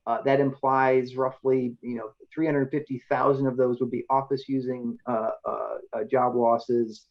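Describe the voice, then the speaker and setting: A man's voice: medium pitch, flat delivery, measured pace. Man explaining an economic outlook, dull audio. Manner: conversational and explanatory, checks in with "right?". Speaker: economist presenter. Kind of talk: presentation with slides.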